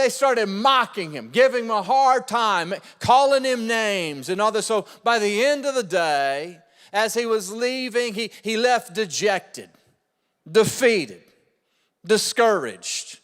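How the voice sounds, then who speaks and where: A man's voice: sits high, fairly bright tone, clean tone, long reverb tail. A male pastor preaching a sermon, emphatic and given to repeating key phrases. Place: church auditorium.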